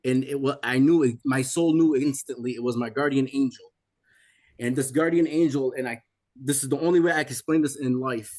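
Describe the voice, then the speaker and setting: A man's voice: medium pitch, brisk, a little mellow. Intense man in his forties. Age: 40s. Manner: intense, repetitive, rising to pleading. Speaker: guest telling his testimony. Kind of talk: emotional personal testimony.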